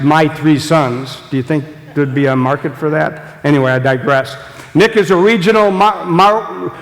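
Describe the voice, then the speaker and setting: An older man giving a jokey, audience-engaging business talk as guest speaker at a meeting. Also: on the high side. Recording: long echoey hall reverb.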